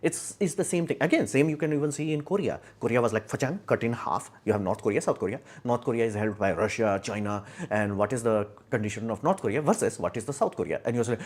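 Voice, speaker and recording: A man's voice: medium pitch, fast talker, few pauses, darkish tone. A young man from India hosting a casual livestream, talking in a blunt, argumentative, rambling way. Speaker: live stream host.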